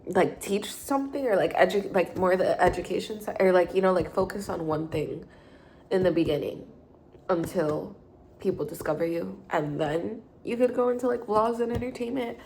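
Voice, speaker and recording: A woman's voice: medium pitch, moderate pace, vocal fry, a little mellow, a little hiss or hum. A tired, hungover woman in her twenties chatting casually while she makes coffee at home, rambling with lots of fillers and self-corrections. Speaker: vlogger. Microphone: phone held low.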